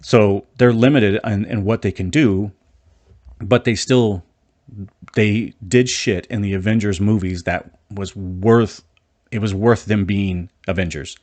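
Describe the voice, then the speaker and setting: A man's voice: on the low side, measured pace, darkish tone, no room sound. A man casually reviewing a TV episode, rambling with many restarts, frank and mildly exasperated. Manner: rambling, frequent restarts and filler. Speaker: show reviewer.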